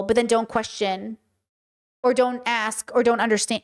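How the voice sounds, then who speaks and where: A woman from Southern California hosting her podcast, delivering blunt, fast commentary that slips into swearing rants. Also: fairly high pitch, fairly even intonation. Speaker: podcast host. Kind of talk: casual commentary.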